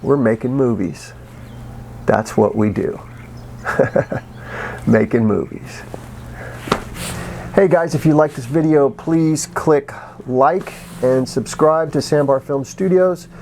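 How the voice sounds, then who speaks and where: A man's voice: fairly high pitch, a little hiss or hum. Middle-aged male actor, casual anecdote teller, restarts a lot, bursts into sound effects. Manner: animated, acts out sounds with vocal effects; frequent restarts and pauses, laughs while telling. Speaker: actor telling behind-the-scenes stories.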